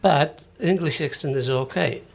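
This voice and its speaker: A man's voice: a little high, normal speed, creaky, slightly rough. An older man from Malta with a Maltese accent, a singer and entertainer recounting stories in a casual radio interview. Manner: storytelling, acting out quoted dialogue.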